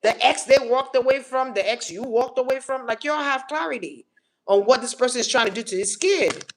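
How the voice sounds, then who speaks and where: A woman's voice: sits high, fairly quick. A woman giving a casual collective tarot reading, blunt and slangy, swearing freely and repeating words for emphasis. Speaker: tarot reader.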